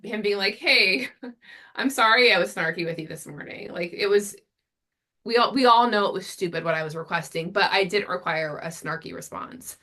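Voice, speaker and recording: A woman's voice: mid-range voice, sharp tone. A woman in her thirties co-hosting a podcast, telling personal stories casually and laughing easily. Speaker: podcast co-host. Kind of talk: casual chat.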